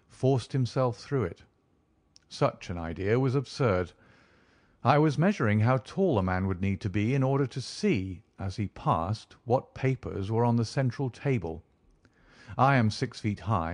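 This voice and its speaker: A man voicing a calm, shrewd male detective who talks in a suave, measured, deliberate way. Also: lowish voice, dry recording, close to an everyday voice. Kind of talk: audiobook character reading.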